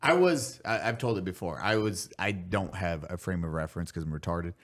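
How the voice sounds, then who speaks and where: A man's voice: sits low, brisk. An American man and army veteran chatting casually on a podcast, brash and crude with a joking edge. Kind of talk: casual chat.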